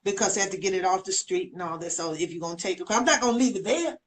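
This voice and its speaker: A woman's voice: medium pitch, rapid-fire. An older woman tells a personal story in an interview, acting out the voices of others. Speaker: guest, mother of a missing young man's family. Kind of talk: emotional personal account.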